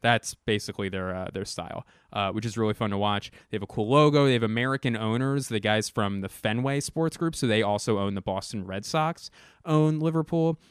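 A young man talks in a casual, profane, rambling podcast monologue. His voice is smooth and resonant. It sits close on a dry, roomless mic. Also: lowish voice, brisk, no echo. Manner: rambling, profane, self-mocking. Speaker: podcast host.

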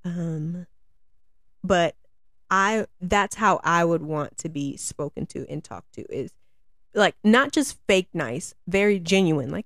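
A woman's voice: on the low side, expressive, unhurried, pauses often, no echo, studio quality. An American woman, a flight attendant, chatting casually and venting about passengers, often laughing and mimicking them. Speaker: podcast host, flight attendant. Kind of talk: casual chat, ranting.

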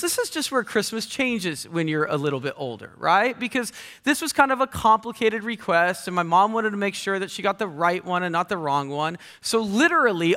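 A man's voice: high voice, bright, forceful tone. A man in his thirties, a pastor giving a sermon with playful, self-mocking storytelling. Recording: long hall reverb.

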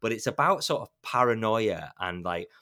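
Man, low pitch, casual chatty film talk, animated storytelling. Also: no echo, clean studio sound. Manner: chatty, animated retelling with quick voice impressions. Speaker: podcast co-host.

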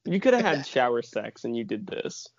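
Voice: medium pitch, very animated, normal speed, no room sound. A podcast co-host in casual chat, exasperated and full of rhetorical questions. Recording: dry muffled lo-fi.

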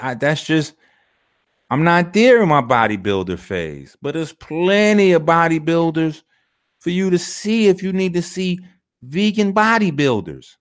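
A man hosting a video, giving casual commentary on clips in an emphatic, slangy, profane way and repeating his phrases for effect. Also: a little high. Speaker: video host.

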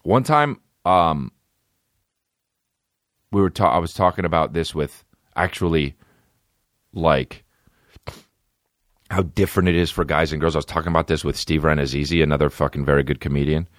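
A man hosting a podcast, telling stories in a rambling, swearing, comedic way and breaking into high, silly voices. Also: normal speed, pauses often, dry recording, studio quality. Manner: swearing, rambling, jumps into high-pitched impressions. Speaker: podcast host. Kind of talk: casual comedic rambling monologue.

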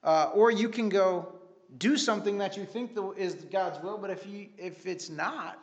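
An earnest man shares his testimony in a sermon-like way, rambling and restarting as he goes. His voice sits a little high. The recording sounds dull and lo-fi. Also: moderate pace. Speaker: church member giving testimony.

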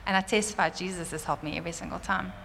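A woman telling a church congregation a personal testimony, animated and fervent, laughing often. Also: lowish voice, very fast, vocal fry, a little hiss or hum. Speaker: church speaker sharing a testimony. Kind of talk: sermon testimony. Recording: roomy church hall reverb, faint ambience.

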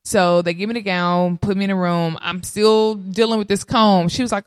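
A woman, casually telling viewers her birth story in an animated way, often calling out to them. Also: medium pitch, fairly quick, no echo, studio quality. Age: 30s. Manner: animated, addresses audience as y'all. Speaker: mother sharing birth story.

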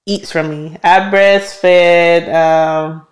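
A woman co-hosting a casual podcast, telling stories with animated quotes and frequent laughter. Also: lowish voice, extremely slow. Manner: animated storytelling, acts out quotes, laughs often. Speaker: podcast co-host. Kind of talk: casual chat.

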